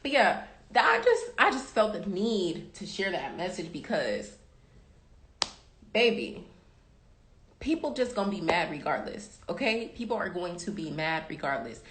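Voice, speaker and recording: A woman's voice: fairly low pitch, very animated, a little slow, fairly bright tone, a little hiss or hum. Sassy woman in a roomy room. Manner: sassy, emphatic, calls viewers baby and y'all. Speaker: tarot reader hosting a livestream. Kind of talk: casual motivational chat to live viewers. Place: room at home. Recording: roomy echo.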